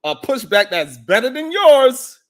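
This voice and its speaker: High-voiced man ranting on a stream. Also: big pitch swings, measured pace. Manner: ranting, profane, exasperated. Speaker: live stream host. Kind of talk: heated reaction commentary.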